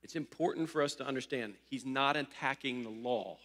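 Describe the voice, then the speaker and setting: A man's voice: mid-range voice, brisk, fairly bright tone. A young man from Ohio preaching a sermon, telling stories in a conversational way with joking asides. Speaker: pastor. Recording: long hall reverb.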